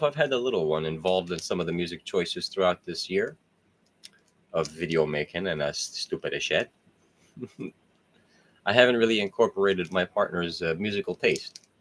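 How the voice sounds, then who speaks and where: A man with a fairly low voice hosts his own show, talking in a loose, rambling way. His pitch swings widely as he jokes and laughs often between thoughts, swearing freely along the way. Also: fairly bright tone. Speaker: host. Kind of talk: casual rambling monologue.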